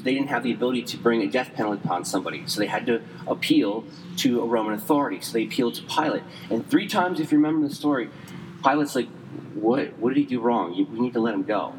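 A man preaching a sermon conversationally, quick in places and slow and emphatic in others, saying he is losing his voice. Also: medium pitch, in a large hall, slight background noise, poor audio. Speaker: pastor.

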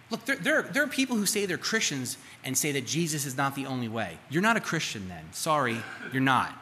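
Bright-voiced male pastor preaching in a hall. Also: mid-range voice. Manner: conversational preaching, asks the congregation questions. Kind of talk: sermon. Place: church sanctuary. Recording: live church hall reverb, faint room noise.

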